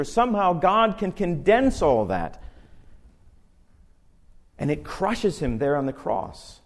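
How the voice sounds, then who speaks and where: A man preaching a sermon, earnest, slowing down to read scripture and pressing harder on his key points. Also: on the high side, big pitch swings. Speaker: pastor.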